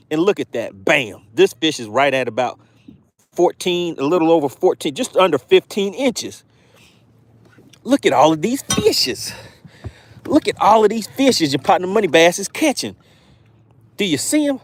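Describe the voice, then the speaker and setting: A man hosting a live fishing stream from a boat outdoors, reading chat and shouting playful catchphrases. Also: high voice. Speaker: fishing livestream host.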